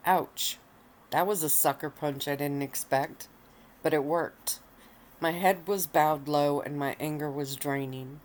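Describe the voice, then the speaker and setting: A woman softly reading her own story aloud at home, relaxed and unhurried, lounging on pillows. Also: low voice. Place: at home, lying on a bed of pillows.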